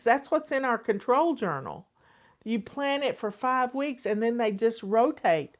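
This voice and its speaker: An older woman answers viewer questions in a folksy, chatty way. Her voice sits fairly high. She often says things twice for emphasis. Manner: chatty, folksy, repeats herself. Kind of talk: casual advice chat.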